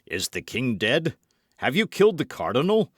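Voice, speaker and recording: A man doing a grave, unflappable musketeer in a classic audiobook, speaking low and measured with a lively lilt. The voice sits dry and close. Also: breathy edge, dry recording. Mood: calm. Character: grave, phlegmatic older male musketeer.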